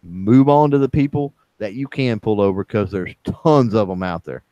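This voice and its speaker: A man co-hosting a casual online chat, speaking in a halting way with many fillers and restarts. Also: on the low side, mellow, no room sound, dull audio. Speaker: livestream chat co-host.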